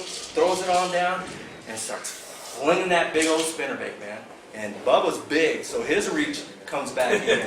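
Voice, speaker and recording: A man casually telling a fishing tournament story to a club meeting, animated and laughing as he acts out the dialogue. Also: fairly high pitch. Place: meeting room. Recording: echoey room from far off, background noise.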